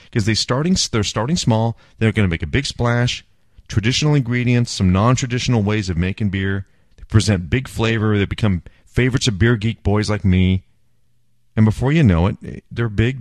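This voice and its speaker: A man's voice: fairly low pitch, darkish tone, no room sound, clean studio sound. A man hosting a casual beer podcast, enthusiastic and self-mocking as he chats and jokes. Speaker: podcast host.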